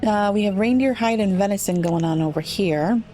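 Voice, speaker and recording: A woman playing a city-builder game, thinking aloud and puzzling over it, her voice a little rough today. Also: mid-range voice, moderate pace, warm tone, faint music behind. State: slightly rough voice. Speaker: let's play gamer. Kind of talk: relaxed gameplay commentary.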